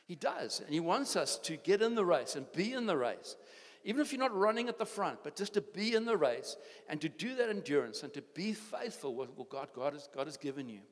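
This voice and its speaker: With a South African accent and a voice a bit high for a man, an older pastor delivers his sermon a little fast, his pitch swinging widely. He repeats phrases and restarts often to press his point, while the church hall's long reverb lingers after every line.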